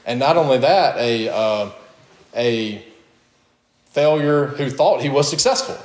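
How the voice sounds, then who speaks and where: Male preacher, mid-pitched, emphatic sermon delivery with sharp rises on questions, echoey room sound. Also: expressive, normal speed. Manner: emphatic, rising to high questions, with short laughs.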